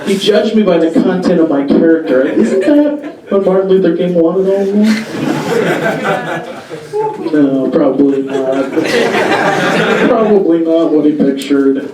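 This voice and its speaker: A young man with a fairly high-pitched voice performs deadpan, stop-and-start comedy onstage at a club, peppered with pauses and fillers. The mic sits far away in an echoey room, picking up the crowd laughing.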